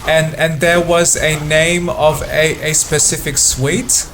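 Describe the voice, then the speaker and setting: A man giving relaxed let's-play commentary, stopping and repeating words as he thinks aloud. He talks extremely slowly in a fairly high voice, and faint room ambience sits behind him. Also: a little hiss or hum. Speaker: gameplay commentator.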